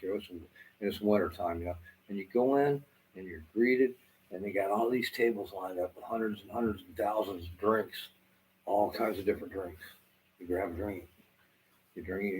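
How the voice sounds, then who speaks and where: A man's voice: on the low side, a little mellow, low-quality recording. Rambling Southern man swearing casually. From Southwest Florida. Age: middle-aged. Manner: meandering, swears freely, lots of fillers. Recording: faint background noise.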